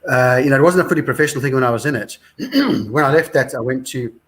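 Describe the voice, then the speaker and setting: A man's voice: mid-range voice, quick pace, a bit bright. A man in his sixties with a South African accent, a musician guest telling rambling, wry anecdotes in a casual interview. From Scotland, raised in South Africa.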